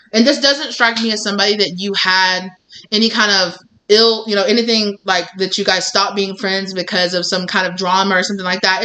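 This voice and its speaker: A woman reads tarot for her viewers in a loose, chatty way. She rambles and circles back, filling her talk with "like" and "you know." Her voice sits at an ordinary middle pitch. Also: sharp tone. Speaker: tarot reader. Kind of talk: casual tarot reading to viewers.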